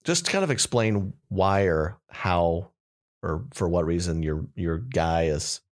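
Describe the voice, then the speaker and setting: A man's voice: low voice, expressive, slow. A man co-hosting a casual comedy podcast, rambling and playful, at times improvising slam poetry. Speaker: podcast co-host.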